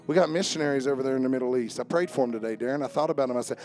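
A male pastor, preaching a sermon that swings from shouting fervor to hushed, earnest prayer. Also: mid-range voice, racing, hardly any pauses, soft background music.

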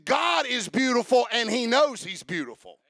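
A man preaches a sermon with fervent, rhythmic energy, building his repeated lines into shouts. His voice sits very high with a gravelly rasp and a bright, tense edge. The recording is dry and close. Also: sing-song, normal speed, no echo. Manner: fervent, rhythmic preaching with shouted call-outs and sung refrains.

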